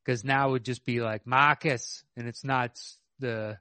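A man co-hosting a podcast, talking about movies in a measured, hesitant way with many fillers. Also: medium pitch, steady tone, fairly bright tone, smooth, no echo. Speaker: podcast co-host. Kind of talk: casual movie chat.

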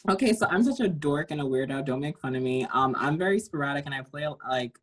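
A man's voice: on the high side, lively intonation, fast. A man appearing as a wrestler guest, chatting casually and giggly, often poking fun at himself. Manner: giggly, self-deprecating, chatty. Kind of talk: casual interview over a call.

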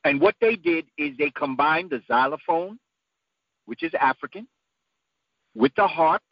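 A man giving an emphatic, preacherly talk whose voice climbs to high peaks. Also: wildly swooping pitch, measured pace, gravelly, no echo. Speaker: guest speaker. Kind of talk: impassioned lecture-style talk. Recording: dull lo-fi dry sound.

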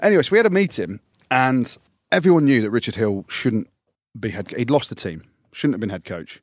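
Fast-talking, swearing male rugby storyteller. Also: medium pitch, no room sound, clean studio sound. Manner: swears freely, tells stories fast and animated. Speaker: podcast co-host, former rugby player. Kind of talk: casual chat, storytelling.

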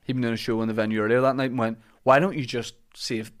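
A man hosting a podcast, telling comic stories in a casual chat and shouting out the lines he quotes. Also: medium pitch, fairly even intonation, fast talker. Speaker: podcast host.

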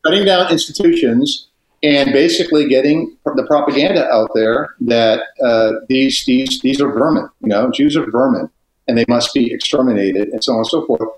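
A man's voice: mid-range voice, moderate pace. An older retired man, talking in an intense, emphatic way as a guest in casual chat. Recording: roomy echo.

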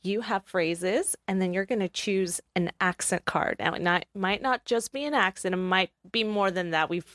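A woman's voice: medium pitch, normal speed, few pauses, a bit bright, no room sound, studio quality. A woman co-hosting a casual chat show, patiently explaining a party game. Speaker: podcast co-host.

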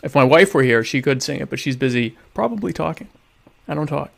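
A man's voice: mid-range voice, animated, fairly quick, gravelly. A man hosting his own livestream show, chatting casually and sarcastically with his viewers in rambling, self-mocking asides.

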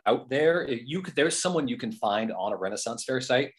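A man who performs with whips, chatting as a podcast guest in an animated, casual and sometimes profane way. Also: mid-range voice, brisk, a little hiss or hum. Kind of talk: casual interview chat.

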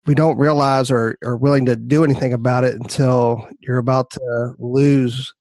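A man's voice: mid-range voice, level tone, moderate pace, darkish tone, dry recording. A man interviewing a guest, with a mid-range voice recorded dry and close. He answers in an affirming, reflective way. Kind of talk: conversational interview.

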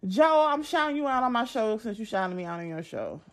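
Animated, chatty young woman podcast host. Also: a little high, brisk. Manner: chatty and animated, addresses listeners directly, frequent restarts. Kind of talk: casual chat.

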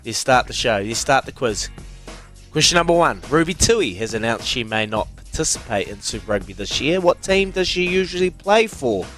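A man's voice: mid-range voice, big pitch swings, normal speed, a bit bright, faint music behind. A man with a New Zealand accent hosting a radio quiz, joking and laughing with callers. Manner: joking, laughs often, calls callers mate and brother. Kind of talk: casual radio banter.

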